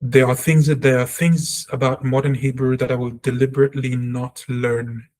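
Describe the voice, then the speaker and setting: A man giving a spoken language lesson, talking earnestly and reflectively, and repeating sounds slowly to show how they are said. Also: medium pitch, flat delivery, darkish tone. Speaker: Hebrew teacher.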